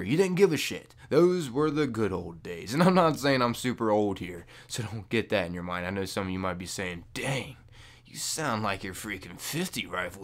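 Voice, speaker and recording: A young man making a casual gaming vlog into a microphone, loose and jokey, with loud high-pitched bursts when he mocks people. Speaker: gaming YouTuber. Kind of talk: casual talking-to-camera vlog. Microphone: desk microphone.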